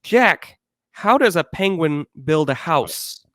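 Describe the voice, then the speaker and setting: A man's voice: on the high side, big pitch swings, slow, fairly bright tone, no room sound. A young man co-hosting a sports podcast who talks in a chatty, opinionated way with frequent fillers. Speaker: podcast co-host. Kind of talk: casual sports chat.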